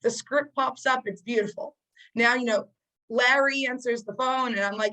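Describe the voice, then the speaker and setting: A woman with a slightly high voice runs a sales training session over a video call. She coaches in a casual, upbeat way, filling pauses with fillers as she explains her daily routine. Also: steady tone, fairly bright tone, poor audio.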